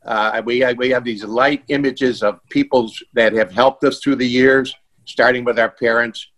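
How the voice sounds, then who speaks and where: A man speaks in an earnest, reflective way, asking about role models. His voice sits at an ordinary middle pitch. He is heard over a video call. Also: steady tone, unhurried, a bit bright. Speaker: panel guest asking questions. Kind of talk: casual panel chat.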